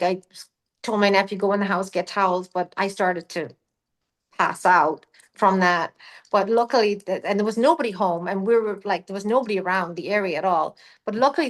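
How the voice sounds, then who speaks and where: A middle-aged Irish woman, a guest on a talk show, telling a personal story in a lively, animated way. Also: mid-range voice. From Ireland. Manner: animated, vivid storyteller, acts out her own past words. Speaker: guest, psychic medium. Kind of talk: casual storytelling.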